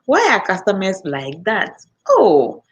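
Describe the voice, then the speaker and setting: A woman with a Ghanaian accent chatting casually as she answers viewer comments, telling animated stories about customers and acting out their voices. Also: medium pitch, highs cut off. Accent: Ghanaian English. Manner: animated storytelling, acts out customers with quick voice switches and laughter. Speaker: customer service worker, vlogger.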